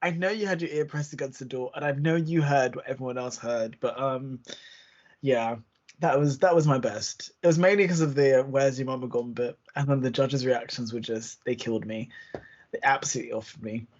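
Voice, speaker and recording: A young adult podcast co-host telling stories in an animated, casual way, acting out quotes and using lots of fillers. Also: medium pitch. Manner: animated storytelling, quick acted-out quotes, many fillers. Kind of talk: casual chat. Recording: dull lo-fi recording.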